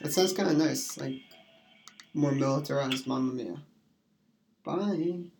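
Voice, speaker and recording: A streamer talks slowly into a desk mic, goofy and rambling. They slip into sing-song nonsense rhymes and silly voices. A faint hiss sits under the voice. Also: mid-range voice, creaky, a little mellow. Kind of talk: rambling casual chat.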